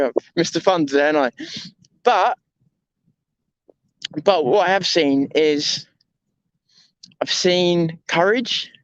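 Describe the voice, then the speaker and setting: Male vlogger, high voice, rambling reflective monologue, candid and self-deprecating, dull lo-fi recording. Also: no echo. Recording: dull lo-fi dry sound.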